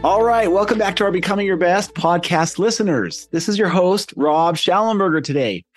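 A man's voice: high voice, animated, moderate pace, soft background music. A middle-aged man hosting a motivational podcast, telling stories in an earnest, conversational way. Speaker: podcast host.

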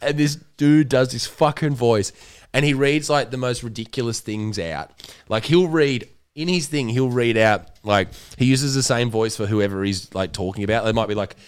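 A man's voice: medium pitch, moderate pace, clean tone. A man hosting a podcast, chatting casually with swearing, joking banter. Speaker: podcast host. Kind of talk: casual chat.

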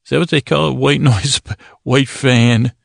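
A man's voice: medium pitch, fairly even intonation, a little slow, creaky, dry recording. A man hosting a sleep podcast, talking in a rambling, wry way, full of stammers and restarts, close to the mic. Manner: stammering, self-interrupting, wry. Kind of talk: rambling casual monologue.

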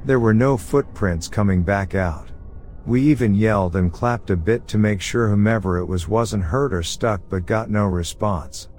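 A man narrating true scary stories sent in by listeners, in a steady, low-key storytelling manner. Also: normal speed, soft background music. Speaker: podcast narrator. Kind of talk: reading listener horror stories.

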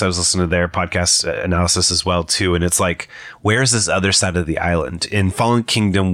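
A man's voice: sits low, fairly bright tone, no echo, clean studio sound. A young man giving a casual, rambling commentary, full of fillers and self-corrections. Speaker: video commentator. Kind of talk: casual trailer breakdown commentary.

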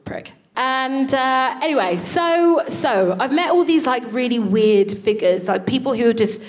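A woman co-hosting a live show, telling a comic story on stage in an animated way, swearing freely and laughing through her lines. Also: high-pitched, unhurried. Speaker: co-host. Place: live venue with an audience.

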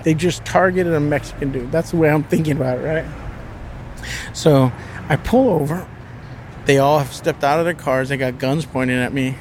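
A man's voice: on the high side, moderate pace, slight background noise. A man as an interview guest, telling a story casually with a vivid, profane manner.

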